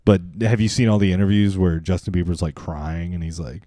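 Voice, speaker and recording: A man's voice: deep voice, fairly quick, few pauses, dark tone, dry recording, studio quality. A young man co-hosting a casual late-night podcast, rambling through stories, swearing and acting out quotes. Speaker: podcast co-host.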